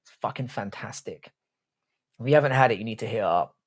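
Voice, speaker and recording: Fast and fairly low-pitched with a breathy edge, this young man's voice carries a live stream where he reads comments and chats with viewers. His banter is blunt, crude, and profane.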